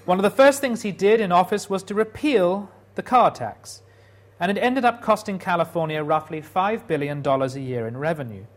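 A man giving a prepared public talk, telling stories in a wry way with dry humor. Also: high voice.

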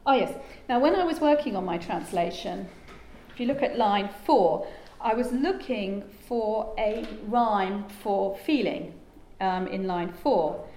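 A woman's voice: mid-range voice, lively intonation, measured pace, a little mellow, slight background noise. A woman giving an informal lecture as a translator, chatty and digressive, with lots of ums and asides. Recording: echoey room with faint ambience.

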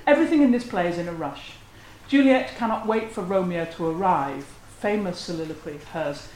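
A lecturer talks through a literary analysis in a measured, scholarly way, at a mid-range pitch. The voice rings out in a roomy space, and a faint hiss sits underneath. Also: expressive, a little mellow. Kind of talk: academic lecture. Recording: roomy echo.

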